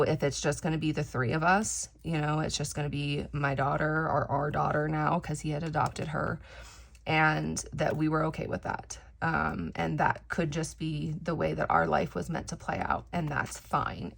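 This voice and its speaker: While she works on her crafts, a woman in her thirties talks casually and candidly, wandering through many fillers and restarts. She sits low and creaky, her voice a touch crackly from dry air.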